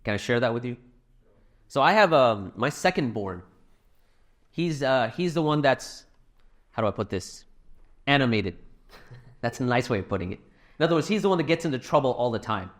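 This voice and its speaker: A man's voice: mid-range voice, very animated, normal speed, long pauses. A middle-aged man speaking to a live audience in a hall, telling anecdotes and making a donation appeal in a conversational way. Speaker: speaker at a fundraising talk.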